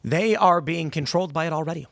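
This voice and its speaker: A man's voice: a little high, creaky, fairly bright tone, no echo, studio quality. A man hosting a casual political talk show, arguing pushily and interrupting often. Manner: pushy, argumentative, quick to interrupt. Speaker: podcast host. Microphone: studio microphone.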